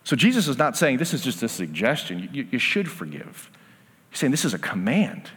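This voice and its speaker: A man's voice: mid-range voice, very animated, a little fast, a bit bright, breathy edge. A man preaching a sermon, earnest, acting out the voices of a parable as he tells it. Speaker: pastor. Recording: long hall reverb.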